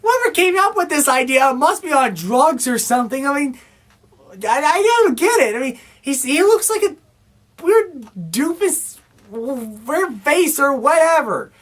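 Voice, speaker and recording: A woman's voice: high voice, sing-song, a little slow. Exasperated woman ranting a movie review. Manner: exasperated, rambling, lots of "I mean" fillers. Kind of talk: casual film review rant.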